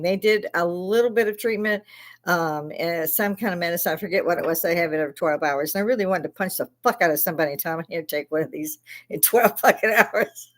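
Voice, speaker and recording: A middle-aged woman from Chicago, an Army veteran hosting her own channel, talking casually in a blunt, profane rant and laughing often between complaints. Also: fairly low pitch. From Chicago, USA. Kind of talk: casual ranting livestream chat.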